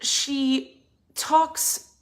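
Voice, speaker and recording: A woman hosting a casual spiritual talk, passionate and blunt, swearing freely and swinging between emphatic points and softer asides. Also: high voice, level tone, drawn-out words. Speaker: spiritual advice host.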